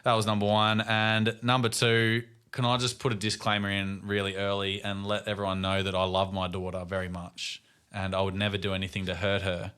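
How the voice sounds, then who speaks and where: An Australian man in his thirties tells stories about his kids on a casual podcast. He drops dry, wry asides, and he speaks in a lowish voice with a bright, forward tone. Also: completely flat delivery, a little fast, few pauses, clear, resonant tone. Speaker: podcast co-host. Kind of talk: casual chat.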